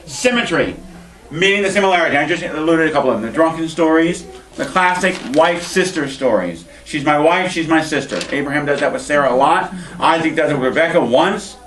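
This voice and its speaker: A rabbi in a synagogue classroom gives a loose Bible lecture with wry jokes, his voice a touch high for a man. He is picked up from across an echoey room by a distant mic. A faint hiss runs underneath. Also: quick pace. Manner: lively, wry asides and joking. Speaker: rabbi teaching an adult class.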